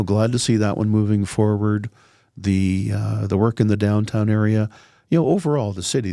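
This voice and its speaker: Raspy middle-aged councillor, easygoing and joking, mellow dark tone, dry close sound. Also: male voice, on the low side, no room sound. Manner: easygoing, joking, talks in loose rambling phrases. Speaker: city councillor and podcast guest. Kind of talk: casual podcast interview.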